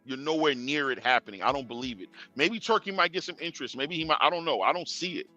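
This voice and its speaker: Slangy man with a bright voice. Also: a little high, lively intonation, fast, highs cut off, soft background music. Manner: slangy, talks straight to fighters, chuckling asides. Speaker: boxing show host. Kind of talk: casual live-stream talk.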